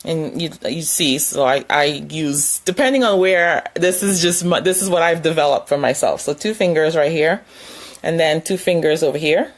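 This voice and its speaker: A wellness instructor with a low voice at normal speed gives a casual, conversational lesson. She demonstrates tapping points with her hands and chuckles now and then.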